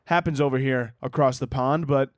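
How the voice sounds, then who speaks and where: A man's voice: mid-range voice, fairly even intonation, moderate pace, no echo, studio quality. A young man hosting a solo podcast, rambling and joking crudely, often laughing at his own bits and slipping into mock voices. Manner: mock posh voices for imagined waiters. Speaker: podcast host. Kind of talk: casual solo podcast rant.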